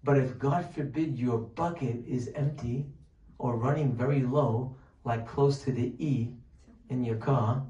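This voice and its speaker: Male preacher, mellow voice from a distance in a roomy hall, lively rhetorical delivery. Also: medium pitch, dull audio. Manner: animated, rhetorical questions, acts out pleading voices. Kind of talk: sermon. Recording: distant mic, echoey room, faint noise.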